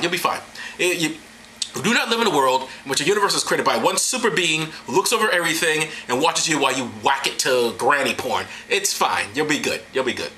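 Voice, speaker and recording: A man's voice: on the high side, pushed and bright, a little hiss or hum, low-quality recording. A man reading scripture aloud as comedy, sarcastic and profane, stumbling and laughing over the text. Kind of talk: irreverent comedic Bible reading.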